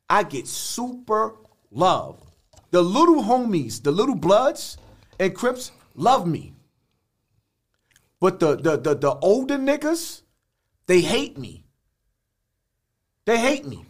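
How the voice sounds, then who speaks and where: Blunt older New man, high voice. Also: big pitch swings, unhurried, pauses often. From the Bronx, New York. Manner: blunt street talk with frequent restarts. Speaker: guest. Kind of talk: podcast interview.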